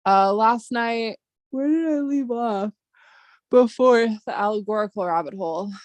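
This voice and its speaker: A woman's voice: a little high, a little slow, a little mellow, dry recording. A woman hosting a casual livestream chat, talking in a rambling way with a lot of swearing. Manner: angry, profane, rambling. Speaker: chat host.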